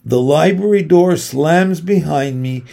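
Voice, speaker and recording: A man giving a measured, steady first-person audiobook narration. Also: on the high side, creaky.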